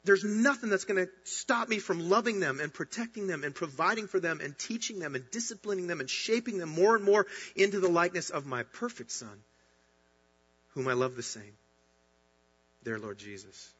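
A man's voice: sits high, moderate pace, slightly rough. Guy pastor preaching, emphatic and earnest, kinda dull muffled sound with long church echo. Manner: earnest, emphatic preaching with rising bursts of excitement. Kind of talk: sermon.

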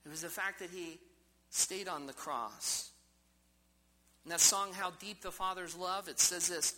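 A man's voice: a little high, steady tone, a little slow, pauses often, pushed and bright, rough recording. A man preaching a sermon in a church service, emphatic and full of rhetorical questions to the congregation. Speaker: pastor.

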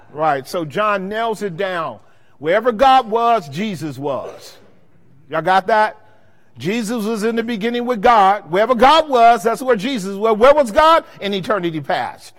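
Teaching a Bible study in sermon style, a pastor with a high, somewhat bright voice throws questions to the congregation and lets them answer back. A long reverb trails his words, as though he's in a large hall.

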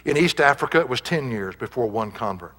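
A man's voice: medium pitch, animated, fairly quick, a bit bright, in a large hall. A male pastor preaching a sermon, reading scripture aloud and building to emphatic peaks.

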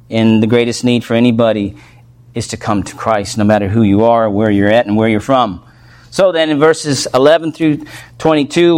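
A male pastor with a voice of ordinary, middling pitch delivers an expository sermon. He speaks earnestly and with emphasis, stressing key words and checking in with his congregation as he works through the text. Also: a little mellow.

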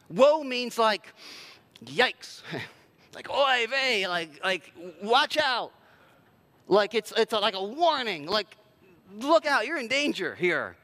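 A man's voice: high voice, lively intonation, a little slow, pushed and bright. A man preaching a sermon in a conversational, self-deprecating way with plenty of filler words. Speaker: pastor.

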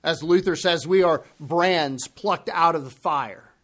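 A male pastor delivers a sermon at an unhurried pace. His voice sits somewhat high for a man, and he swings between quiet, hushed lines and raised emphasis, now and then acting out the voices he quotes. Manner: earnest preacher who acts out quoted voices, swings from hushed to loud. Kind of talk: expository sermon.

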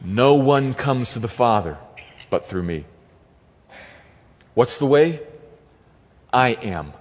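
A man's voice: mid-range voice, animated, slow. A man preaching an expository sermon as pastor, emphatic and repeating key phrases for stress. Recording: long reverb of a large hall.

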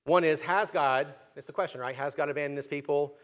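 A man with a high voice delivers a sermon, working through the passage in a teaching manner. He often stops to ask his listeners rhetorical questions. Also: fairly quick, a bit bright. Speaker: pastor.

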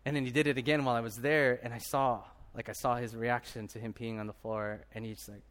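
A man in his thirties preaching a sermon as a pastor, telling a personal story with animated delivery and acted-out voices. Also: medium pitch, fairly quick.

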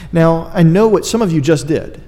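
A man's voice: on the high side, lively intonation, moderate pace, warm tone. Earnest preaching man in a reverberant hall. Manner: earnest, emphatic preaching with dry asides. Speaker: pastor. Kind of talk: sermon.

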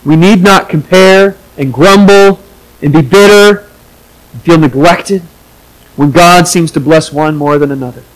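A man's voice: on the high side, a little slow, poor audio. A man preaching a sermon as pastor, earnest, and acting out the quoted voices of the story.

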